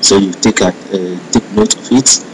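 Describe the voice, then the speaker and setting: A man teaching a French lesson, reading out example words slowly and saying each one twice as he points to his slides. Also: low-pitched, a little hiss or hum, poor audio. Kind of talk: slow spoken lesson with repeated example words.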